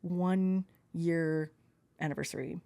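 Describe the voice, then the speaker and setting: A woman's voice: on the low side, fairly even intonation, slow, creaky, dark tone, clear, resonant tone. A woman co-hosting a podcast in casual chat, telling stories animatedly and laughing often. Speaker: podcast co-host.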